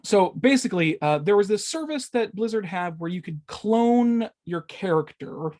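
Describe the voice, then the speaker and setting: A man's voice: high voice, lively intonation, normal speed, a little mellow. A man hosting a casual gaming podcast, rambling with lots of fillers and stumbling over his words, swearing when he loses track. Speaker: podcast host.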